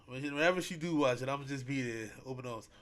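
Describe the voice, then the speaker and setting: A man's voice: medium pitch, quick pace. A man hosting a podcast, chatting casually in a rambling, repetitive way with lots of slang and fillers. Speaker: podcast host. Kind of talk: casual solo podcast chat.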